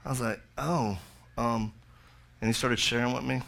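A man's voice: mid-range voice, flat delivery, fairly quick, vocal fry, a bit bright. A middle-aged male pastor preaching a sermon, telling a story with jokey asides and then building to fervent appeals.

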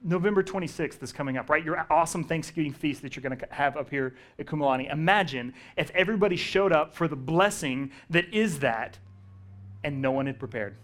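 A male pastor preaching a sermon, telling the story with lively acted-out voices. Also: on the high side, brisk. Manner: animated storytelling, acting out quoted voices.

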